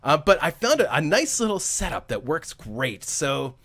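A man's voice: fairly high pitch, very animated, moderate pace, fairly bright tone. A man casually commenting on his own gameplay as a let's play host, chatty and upbeat, thinking aloud and laughing often.

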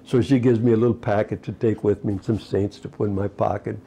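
An elderly man in his eighties tells his life story for an oral history interview, wandering from memory to memory. His voice sits low and gravelly with a dark, husky tone. He keeps dropping in little "you know" asides as he goes. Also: steady tone, quick pace. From United States. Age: 80s. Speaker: retired fisherman recounting his life.

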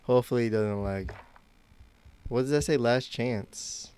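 A man's voice: medium pitch, unhurried, darkish tone, smooth. A young man from the United States chatting casually while live-streaming games, rambling and self-mocking. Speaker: game streamer.

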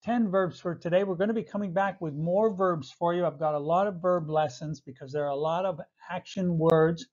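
A man teaching basic English verbs, repeating each word slowly and clearly with light chuckles. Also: on the high side, darkish tone. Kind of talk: slow vocabulary lesson for learners. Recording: dull lo-fi audio.

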